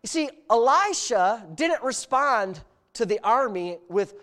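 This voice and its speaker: A man's voice: extremely high pitch, animated, a little slow. Impassioned preaching man. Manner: impassioned, swings from quiet asides to loud exclamations; storytelling with humor. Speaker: pastor. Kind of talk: sermon.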